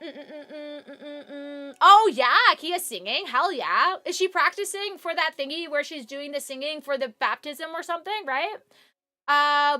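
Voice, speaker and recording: A woman's voice: high voice, sharp tone. A young woman chatting casually on a live stream, thanking viewers, with lots of fillers and idle humming.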